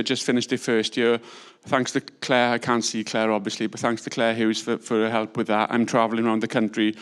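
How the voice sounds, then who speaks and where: A man in his forties, an estate agent, giving a conference talk in a humble, self-deprecating and slightly hurried way. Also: mid-range voice, clear, resonant tone. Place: conference stage.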